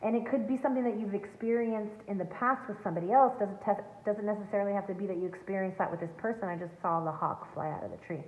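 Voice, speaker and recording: Talking fast with few pauses, a medium-pitched woman gives an earnest tarot reading to viewers from her home near a backyard. Emphatic and spiritual in a coaching way, she's heard through an echoey, tinny, phone-like recording.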